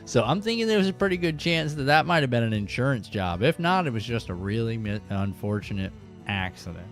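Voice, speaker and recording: Casual male stream host, mid-pitched, rambling storyteller, animated bursts, faint music bed. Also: a little fast. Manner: rambling, chatty, lots of "you know what I mean"; animated, jumps into high excited bursts. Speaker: host of a fishing live stream.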